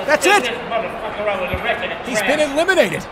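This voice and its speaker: A man doing excited mock sports commentary as a streamer, shouting like an announcer. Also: very high voice, measured pace, heavy background noise.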